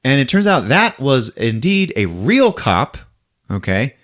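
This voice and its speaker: A man hosting a casual podcast, recapping a film with a lively, animated storytelling manner. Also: medium pitch, unhurried. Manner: animated storyteller, laughing, acts out scenes. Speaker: podcast host. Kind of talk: casual movie recap chat.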